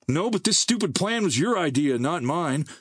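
Hot-headed young male scavenger, snappy and scornful, lively, husky , read by a male narrator. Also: fairly high pitch, moderate pace, no echo, clean studio sound, pitched above the performer's own voice, exaggerated voice.

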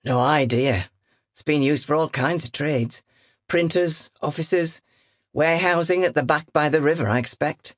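A woman narrator voicing a brisk, offhand male estate agent in an audiobook. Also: low-pitched, no room sound, studio quality. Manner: brisk and breezy. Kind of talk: audiobook character reading.

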